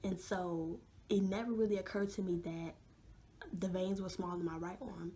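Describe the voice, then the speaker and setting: A young woman vlogger telling an animated story with many fillers, often dropping to a hush. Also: on the low side, normal speed, a little hiss or hum. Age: young adult. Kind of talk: storytime vlog.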